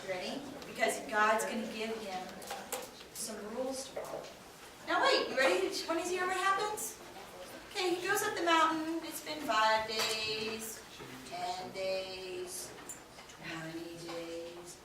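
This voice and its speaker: Bible teacher, woman, high voice, storytelling to a class, recorded from afar in a noisy echoey room. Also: measured pace, recorded from a distance. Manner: expressive storytelling, quizzing the children. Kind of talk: animated Bible lesson for kids. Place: classroom with children.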